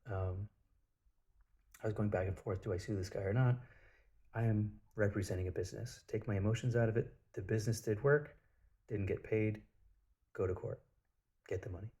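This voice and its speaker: A man's voice: lowish voice, steady tone, moderate pace, long pauses, warm tone. A man telling a personal story in a casual spiritual monologue, blunt and profane, with lots of filler words.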